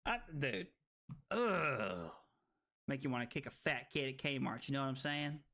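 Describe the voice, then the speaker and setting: A tipsy man streaming a card game, excitable and profane, bursting between loud shouts and low muttering as he banters with chat. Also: unhurried.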